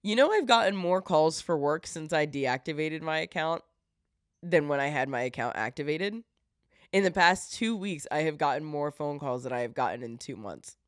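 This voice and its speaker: Low-voiced woman hosting a heartfelt podcast. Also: lively intonation, normal speed, clear, resonant tone, no echo, studio quality. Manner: earnest and heartfelt, with frequent fillers. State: getting teary-eyed. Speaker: podcast host. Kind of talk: casual solo podcast talk.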